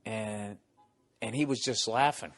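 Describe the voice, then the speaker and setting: A man in his forties from the United States, a comedian guest telling stories in a casual podcast chat. His delivery is profane and animated, full of swearing and restarts. The sound is close and dry, with no room around it. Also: fairly low pitch, a little slow, no room sound. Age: 40s.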